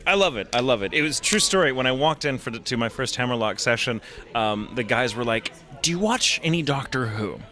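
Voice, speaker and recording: A man's voice: medium pitch, a little fast, bright, forceful tone. A man being interviewed at a convention, talking in a playful, jokey and theatrical way. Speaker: voice actor guest. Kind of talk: convention interview, casual chat. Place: convention floor.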